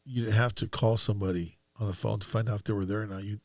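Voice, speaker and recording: A man hosting a podcast in casual conversation, easygoing and quick to agree. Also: on the low side, fairly even intonation, a little mellow, no room sound, studio quality. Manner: easygoing, frequent agreeing interjections. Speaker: podcast host.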